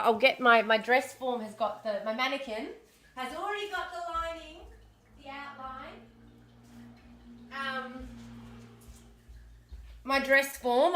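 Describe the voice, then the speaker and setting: Live streamer, Australian woman, bit raised pitch, bright tense tone, slightly hoarse, chatty and repetitive. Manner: chatty, repeats words, greets viewers excitedly. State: slightly hoarse, recovering from lost voice. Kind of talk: casual live stream chat.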